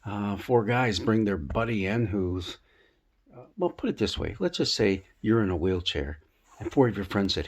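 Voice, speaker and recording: A man teaching a casual Bible lesson outdoors, telling the story in a folksy, animated way with rhetorical questions. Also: on the low side, moderate pace. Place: rooftop outdoors.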